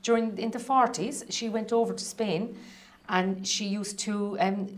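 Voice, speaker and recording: A middle-aged woman with a Cork accent, chatting as a podcast guest and telling stories in quick, rambling bursts. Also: medium pitch, steady tone. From Ireland. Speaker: guest singer-songwriter. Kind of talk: casual podcast interview.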